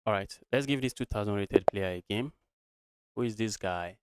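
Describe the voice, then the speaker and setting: A young man from Nigeria calls a live chess game with a smooth, resonant voice, mumbling through his calculations as he plays. He keeps talking to his viewers as "guys". The sound is dry and close to the mic, with no room around it. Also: on the low side, moderate pace, no echo. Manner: thinks aloud, muttering lines of play, often addresses viewers as guys. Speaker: chess streamer. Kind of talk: live-streamed chess commentary.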